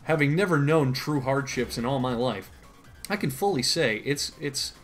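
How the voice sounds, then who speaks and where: Sarcastic american dude riffing through a comedy reading, swears a lot, voice bounces all over, music in the back. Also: male voice, medium pitch, lively intonation, normal speed. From United States. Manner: sarcastic, rambling, profane. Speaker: comedy commentator.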